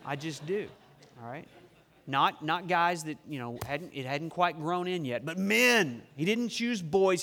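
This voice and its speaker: A male pastor preaching a sermon in a church, emphatic and joking, stretching key words slowly for effect. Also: fairly high pitch, expressive, sharp tone. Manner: humorous, emphatic preaching with dramatic slowdowns. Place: church sanctuary. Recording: long reverb of a church hall.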